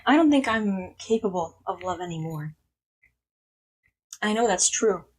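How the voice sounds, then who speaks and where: A young woman live streaming, chatting casually with her chat, blunt and swearing freely, her voice swinging from loud to hushed. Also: mid-range voice, lively intonation, unhurried, husky, poor audio.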